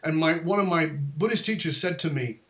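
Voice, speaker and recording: A man hosting a podcast, telling a story with animated retold dialogue and frequent restarts. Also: fairly high pitch, fairly quick. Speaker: podcast host. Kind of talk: storytelling in conversation.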